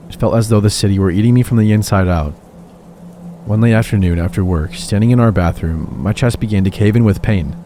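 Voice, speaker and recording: A man calmly telling horror stories in steady scripted narration. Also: lowish voice, slight background noise. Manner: calm, steady storytelling. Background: faint background music.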